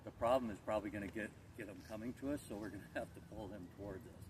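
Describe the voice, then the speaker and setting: A man's voice: lowish voice, rapid-fire. A man working as a dog trainer, casually explaining his methods to a dog owner outdoors, with plenty of fillers, recorded on a camera held a few steps away. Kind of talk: instructing a dog owner on the spot. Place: outdoors on an empty lot. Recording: distant camera mic with loud background noise.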